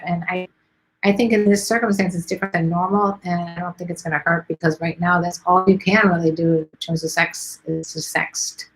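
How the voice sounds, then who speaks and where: A middle-aged woman from Chicago answers viewer questions on a casual livestream. Her voice sits a little low, and she talks bluntly with lots of fillers. She is losing her voice and sounds hoarse. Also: a bit bright, rough recording. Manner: chatty and blunt, with many fillers.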